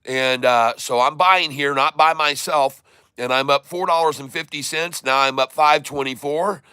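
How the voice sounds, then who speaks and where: Bright clear-voiced man calling out trades. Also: a little high, no room sound. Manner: running commentary, repeating tickers slowly. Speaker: stock trading streamer. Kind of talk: live day-trading commentary.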